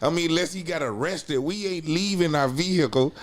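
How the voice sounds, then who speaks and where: A man's voice: fairly high pitch, fairly quick. A man recounting a late-night phone call in casual group banter, swearing and indignant. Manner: excited, profane, indignant storyteller.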